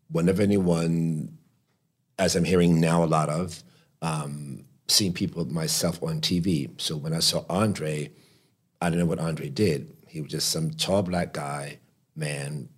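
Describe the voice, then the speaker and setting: A man guest on an interview podcast, telling animated stories and acting out the voices of others. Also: extremely low pitch, measured pace, slightly rough. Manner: animated, acts out every voice in his stories. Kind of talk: storytelling in conversation. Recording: podcast studio mic.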